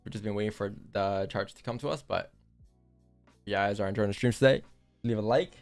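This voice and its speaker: Gravelly laid-back male stream host. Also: on the low side, a little fast, faint music behind. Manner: laid-back, talks to chat directly. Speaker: livestream trading host. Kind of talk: casual livestream chat.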